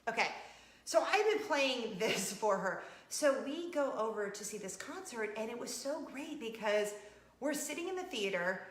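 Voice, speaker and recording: A woman chats casually to her viewers in a vlog. Her voice is bright and fairly high, and her pitch moves all over the place. The room gives her voice a noticeable echo. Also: moderate pace. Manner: chatty and animated, with laughs and playful asides. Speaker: vlog host. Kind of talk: casual chat.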